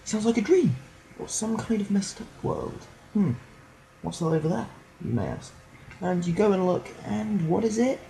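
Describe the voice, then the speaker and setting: Brief: bright-voiced teen lad narrating gameplay, random jokes, a bit off-mic now and then, warm tone. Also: male voice, high voice, sing-song, moderate pace, creaky. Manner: rambling, joking, does silly voices for game characters. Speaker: gameplay commentator. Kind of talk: let's play commentary. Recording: poor audio, slightly distant at times.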